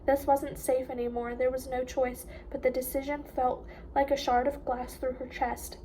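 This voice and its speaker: High-voiced woman reading a novel aloud. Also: moderate pace, slight background noise. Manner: expressive, emotional reading. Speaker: audiobook reader.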